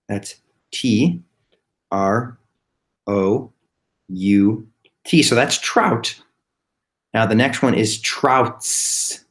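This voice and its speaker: A male teacher leads a children's phonics lesson at a slow, unhurried pace. His voice sits fairly low, and he spells each word out letter by letter with patient repetition. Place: home, recorded remotely.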